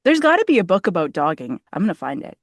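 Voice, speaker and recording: A woman's voice: lowish voice, very animated, no echo. A woman from Canada, guest co-host on a casual podcast, who jokes around and laughs often. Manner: laughs often, playful and quick. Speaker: guest co-host, audiobook narrator.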